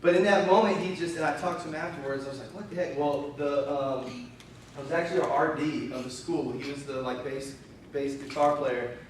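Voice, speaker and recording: Youth pastor preaching in an echoey hall. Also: male voice, fairly high pitch, a little fast, recorded from a distance, slight background noise. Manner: animated, conversational, breaks into laughter. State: slightly strained voice. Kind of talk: storytelling sermon. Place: church hall.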